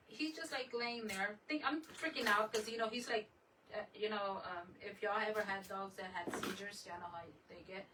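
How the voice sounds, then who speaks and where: Animated woman telling a story mid-craft, slightly distant. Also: medium pitch. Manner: animated, laughs often, mixes in Spanish words. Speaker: craft livestream host. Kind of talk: casual storytelling while crafting. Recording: voice a bit far from the mic, faint room noise.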